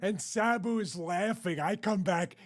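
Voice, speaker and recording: A man recounts a backstage story in a relaxed, chatty way. His voice sits a little high for a man, and he keeps breaking into laughter as he tells it. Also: unhurried. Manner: laughing, animated anecdote telling. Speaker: retired wrestler guest. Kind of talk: casual storytelling.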